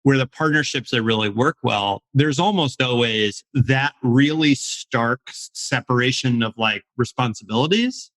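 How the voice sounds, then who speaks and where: A man's voice: mid-range voice, measured pace, few pauses, fairly bright tone. Loose, chatty male podcast host. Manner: loose, rambling questions full of fillers. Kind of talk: casual podcast interview.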